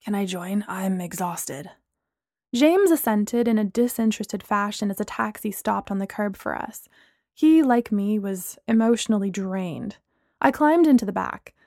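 A woman's voice: medium pitch, lively intonation, normal speed, creaky, darkish tone, no room sound, clean studio sound. A woman in her twenties narrating a first-person audiobook story expressively.

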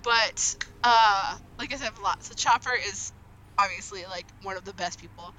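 A young woman hosting a casual group chat over an online call. She talks in an excitable, rambling way and laughs often. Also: mid-range voice, moderate pace, slight background noise, low-quality recording.

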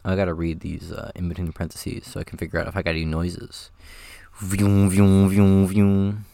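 A man's voice: low-pitched, little pitch movement, quick pace, creaky, no room sound. A man recording voice lines, chatting casually between takes and rambling through hesitant fillers. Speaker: voice actor.

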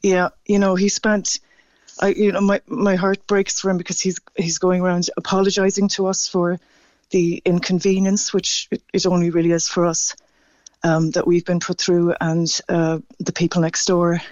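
Halting, emotional male caller on a phone line. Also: sits high, completely flat delivery, a little mellow, dry recording. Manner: halting, stammering, moved. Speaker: radio caller. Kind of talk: phone-in radio chat.

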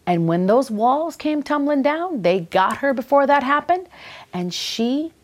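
A woman's voice: high-pitched, very animated, measured pace. A woman with a Minnesota accent hosting a faith-based talk show, speaking in an earnest, enthusiastic, preacherly way. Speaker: ministry talk show host.

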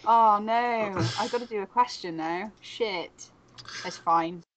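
A playful, sweary woman chatting on a podcast, quick to laugh at her own jokes. Her voice sits in an ordinary middle register. There is clear background noise on the recording. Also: medium pitch. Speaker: podcast co-host. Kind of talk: casual chat.

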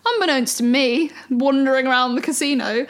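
A woman's voice: high-pitched, a little fast. A young woman co-hosting a casual chat, telling rambling stories with frequent giggles. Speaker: co-host.

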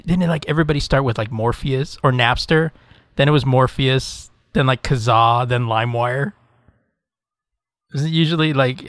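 A man's voice: medium pitch, a bit bright, dry recording, studio quality. A man co-hosting a podcast, reminiscing in casual, rambling chat. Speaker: podcast co-host.

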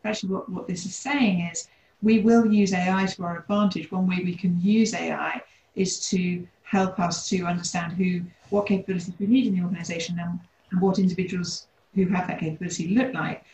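A woman co-hosting a casual discussion, explaining points in a measured, deliberate way. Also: fairly low pitch, fairly even intonation, a little mellow, reverberant, a little hiss or hum, low-quality recording. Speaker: co-host, leads people teams.

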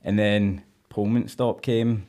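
A Scottish man with a fairly low voice shares his stories on a podcast. He talks in a candid, earthy way and keeps tossing in "mate" as he goes. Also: fairly even intonation, takes it slowly, warm tone. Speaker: podcast guest. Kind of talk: casual storytelling chat.

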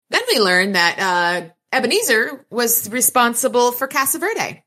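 A woman co-hosting a podcast, casually recapping a novel with lively, profane retelling. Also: on the high side, normal speed, hardly any pauses. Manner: animated, profane retelling with laughs. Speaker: podcast co-host. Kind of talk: casual book recap chat.

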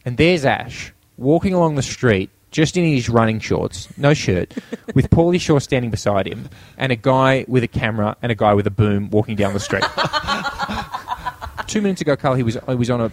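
Animated Australian man telling stories. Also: medium pitch, moderate pace, dry recording. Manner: animated storyteller, laughs often, acts out friends' lines. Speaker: podcast co-host. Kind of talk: casual chat, anecdote telling.

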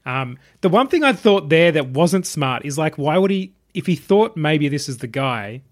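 A man's voice: fairly high pitch, big pitch swings, moderate pace. A man hosting a casual podcast about a film and steering the discussion with questions. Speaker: podcast host.

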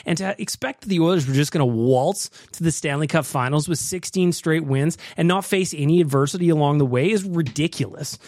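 A man's voice: fairly high pitch, no echo, studio quality. A man hosting a podcast, ranting with profanity and reading sponsor plugs. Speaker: podcast host.

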